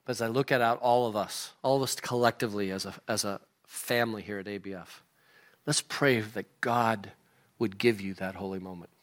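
A man preaching a sermon to his congregation in a lively, animated way, acting out the people in the scripture. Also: lowish voice, brisk. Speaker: pastor. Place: church sanctuary.

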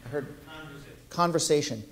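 A man's voice: fairly high pitch, moderate pace, a bit bright, slight background noise. Playful, jokey male preacher. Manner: playful, jokey, talks to the congregation. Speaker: pastor. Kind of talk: sermon.

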